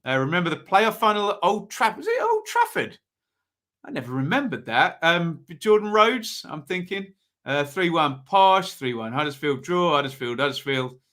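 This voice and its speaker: A man's voice: fairly high pitch, sing-song, normal speed, sharp tone. A man hosting a live football predictions stream, chatting casually, thinking aloud and reading out viewers' comments.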